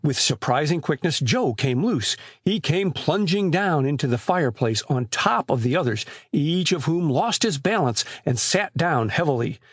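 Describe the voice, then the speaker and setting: Husky guy reading an audiobook, lively delivery, super dry close mic. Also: on the high side, normal speed, few pauses, dry recording. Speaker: audiobook narrator. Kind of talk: scripted narration.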